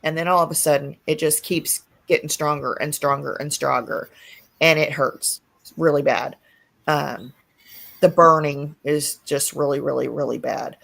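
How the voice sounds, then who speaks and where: Woman host, lower range, blunt profane storyteller for casual stream chat. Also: steady tone, moderate pace, creaky, a bit bright. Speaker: livestream host. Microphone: streaming setup mic.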